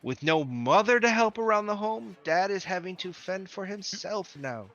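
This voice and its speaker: A man voicing a forgetful, gray-haired old woman who works as a town hall clerk, talking in a slow, sighing, sing-song way. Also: high-pitched, lively intonation, fairly bright tone, voice pushed up. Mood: mournful. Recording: dull lo-fi audio.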